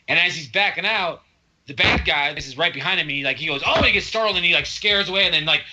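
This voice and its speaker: A man's voice: on the high side, fast talker, noisy background. A man co-hosting a podcast, retelling a movie plot in rambling, profane casual chat. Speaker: podcast co-host.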